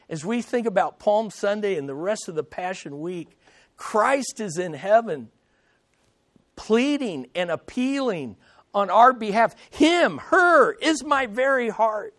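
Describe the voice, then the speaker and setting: A man preaches a sermon, his voice pitched notably high for a man. He swells with emphasis and gives the scripture quotes a dramatic reading, the way a pastor does from the pulpit. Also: fairly bright tone.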